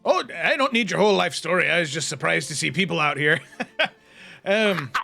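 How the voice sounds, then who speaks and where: A loud, rough-spoken dwarf lumberjack, as a game master puts him on, stammering, swearing and blustering through every line. The voice sits high and swings widely, with a gravelly, bright edge, over faint background music. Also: male voice, expressive, a little fast, heavily acted.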